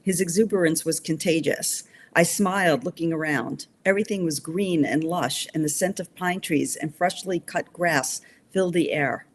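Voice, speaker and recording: A woman author reading her novel aloud in steady first-person narration. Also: sits low, normal speed, few pauses, slight background noise.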